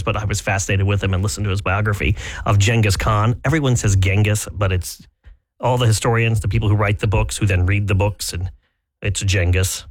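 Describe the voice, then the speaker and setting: A man co-hosting a morning radio show, chatting casually and fussing over how words are pronounced. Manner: chatty, fussy about pronunciation, lively pitch swings. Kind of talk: casual on-air banter.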